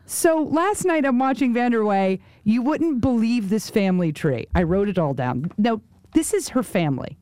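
A woman co-hosting a casual chat show, telling animated stories with quick asides and repeated words. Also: fairly high pitch, no echo. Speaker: co-host.

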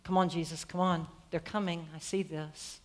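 An impatient, desperate father , acted by a woman preacher, urges everyone to hurry along. His voice is pushy and pleading, pitched a little high in a sermon retelling. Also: steady tone, moderate pace, natural voice. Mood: urgent, impatient.

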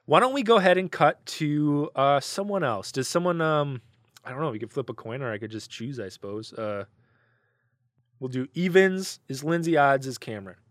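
Casual male GM; fairly high pitch, dry close sound, loose and filler-heavy. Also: expressive, moderate pace, dry recording. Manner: loose and rambling, full of fillers like "kinda". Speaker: game master. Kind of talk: narrating a tabletop game.

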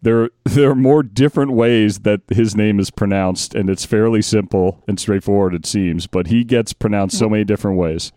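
Low, dry-voiced man chatting easily. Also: moderate pace, few pauses, mellow, dry recording. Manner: laughs often, chuckly and easygoing. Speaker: podcast co-host. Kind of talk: casual chat.

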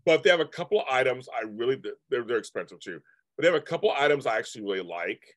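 A man's voice: mid-range voice, lively intonation, very fast, no echo. Chatty man hosting a live stream. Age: 50s. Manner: rambling, chatty, answers chat comments. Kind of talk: casual chat with live viewers.

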